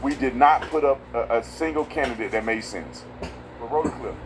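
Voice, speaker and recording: A man hosting a casual political commentary video, talking in an emphatic, slangy way and swinging from loud outbursts to low asides. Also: moderate pace, background noise.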